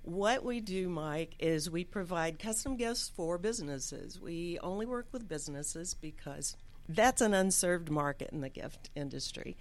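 A woman as a guest on a business radio show, telling her story in a lively way and acting out what people said. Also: lowish voice, measured pace. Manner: lively storyteller, acts out quotes. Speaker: guest, gift business owner. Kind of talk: casual interview answers. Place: radio studio.

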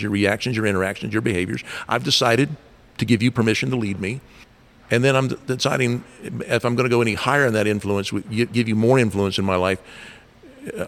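A middle-aged man with a somewhat low voice, talking as a leadership coach in an interview. He tells stories in an animated way, raising his pitch when he acts out the questions people ask. His delivery is conversational, with frequent restarts.

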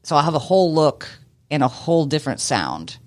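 A woman's voice: low-pitched, very animated, a little fast, darkish tone, no echo. A woman, a business owner and actor, chatting as a guest in a radio studio, rambling and laughing with the odd swear word. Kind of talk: casual radio interview chat.

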